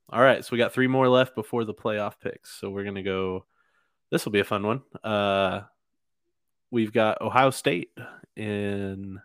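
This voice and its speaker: Male podcast host, low steady voice, dry close sound, casual picks talk full of "um"s. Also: smooth, no echo. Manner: hesitant, lots of fillers and restarts. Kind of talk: casual sports podcast chat.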